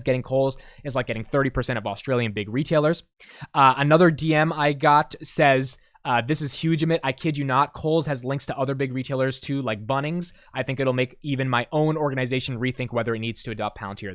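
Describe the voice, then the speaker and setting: A man hosting a stock market video, giving casual, emphatic investing commentary with excitement. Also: medium pitch, no room sound, clean studio sound. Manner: excited, emphatic, talks fast.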